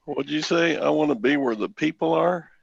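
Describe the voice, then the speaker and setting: A man's voice: a little high, normal speed, gravelly, highs cut off. A man co-hosting a morning radio show, chatting easily and recalling things. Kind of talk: casual radio chat.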